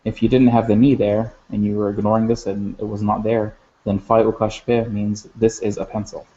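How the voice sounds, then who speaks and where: A man teaching a language lesson, talking in a halting way with many fillers and restarts. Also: fairly low pitch, flat delivery, dark tone. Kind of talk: recorded lesson. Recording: dull lo-fi sound.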